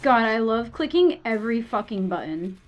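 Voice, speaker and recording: While streaming a game with faint music behind, a young woman with a voice on the high side sounds animated at a moderate pace. Still, she's sleepy and yawning, chatting loosely with viewers and cursing often.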